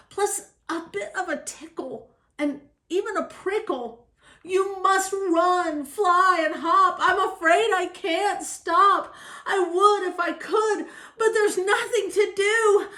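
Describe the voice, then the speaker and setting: Grandma doing a fussy big elephant guy, sing-songy and dramatic, slow, echoey room. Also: sits high, a bit bright. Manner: sing-song rhyming, dramatic. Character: big fretful male elephant. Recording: roomy echo.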